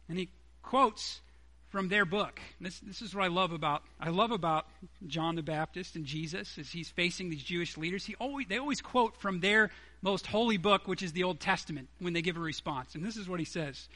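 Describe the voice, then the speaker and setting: A man's voice: high voice, fairly quick, pushed and bright. A man preaching a sermon, emphatic, acting out quoted dialogue from the story.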